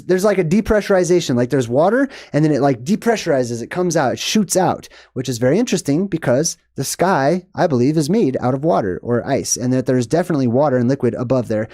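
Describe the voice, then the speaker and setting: Man, movie commentary host, mellow tone, dry close sound, rambling casual delivery. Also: no room sound. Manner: rambling, checks in with "okay?" and "boom". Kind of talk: casual screen-share commentary.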